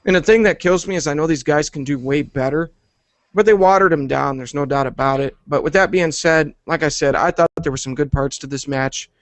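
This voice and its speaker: A man hosting a wrestling review show in a relaxed, chatty way. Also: a little high, fairly quick, no room sound.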